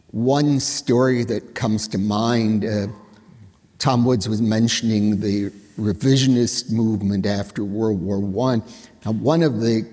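An older man on a conference panel, recalling stories in a measured way with dry humor. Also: on the low side, warm tone, husky. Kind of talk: anecdotal panel talk. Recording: long reverb of a hall.

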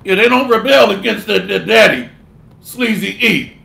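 A man's voice: high-pitched, normal speed, creaky, pushed and bright. A man preaching a scolding sermon, delivering a fiery rebuke and mocking others with put-on voices. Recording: echoey room.

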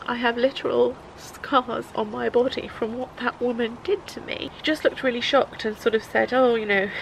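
A woman in her thirties recounting a painful encounter in a vlog, halting and close to tears, with many fillers and restarts. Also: on the high side, fairly bright tone, a little hiss or hum, poor audio. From England. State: tearful. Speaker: vlogger. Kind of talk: tearful confessional vlog.

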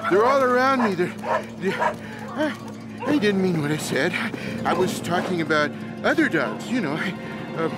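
A man's voice: sits high, exaggerated voice. A man voicing a lazy, sarcastic adult male house cat in a cartoon, with a dry, self-satisfied manner. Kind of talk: cartoon voice acting. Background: cartoon background music.

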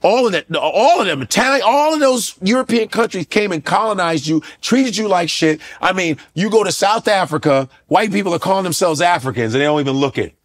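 A middle-aged comedian from the United States, telling stories as a podcast guest with loud, profane energy. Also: male voice, high voice, animated, brisk, hardly any pauses. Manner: profane, loud, jumps into impressions. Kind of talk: animated comedic storytelling. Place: podcast studio.

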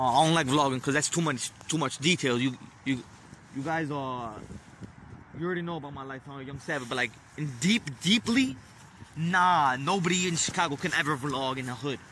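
High-pitched guy vlogging at a bus stop, swaggering and cussing, traffic rumbling behind. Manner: boastful, swaggering, loud and profane. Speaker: vlogger and rapper. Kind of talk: casual street vlog, partly rapped. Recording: outdoor phone recording with traffic noise. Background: street traffic.

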